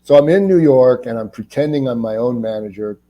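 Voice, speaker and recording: Mellow-voiced middle-aged man telling stories. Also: medium pitch, fairly quick. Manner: animated, acts out the people in his stories; restarts and stammers when excited. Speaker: actor, interview guest. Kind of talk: casual anecdotal storytelling.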